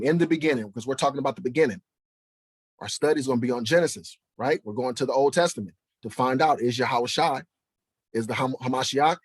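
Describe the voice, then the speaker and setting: Man, emphatic Bible preacher, husky voice, dry close sound. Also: mid-range voice, dry recording. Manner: emphatic, fires rhetorical questions, keeps asking "right?". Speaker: Bible teacher. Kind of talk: preaching to camera.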